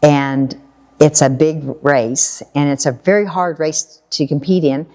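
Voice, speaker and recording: An American woman telling a personal story in a casual talk, animated and laughing often while she acts out what people said. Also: sits low, measured pace. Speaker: guest storyteller.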